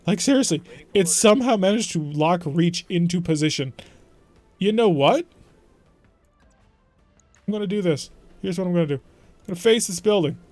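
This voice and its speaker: A man's voice: high voice, expressive, moderate pace, long pauses, darkish tone, no echo, soft background music. A young adult man streaming a mech strategy game, giving chatty, wry, mock-exasperated play-by-play commentary. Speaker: gaming streamer. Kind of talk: let's play gameplay commentary.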